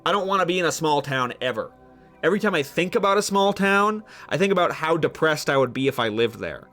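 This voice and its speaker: A man's voice: a little high, animated, brisk, a bit bright, soft background music. A young man streaming live, rambling animatedly through his thoughts with casual swearing and frequent restarts.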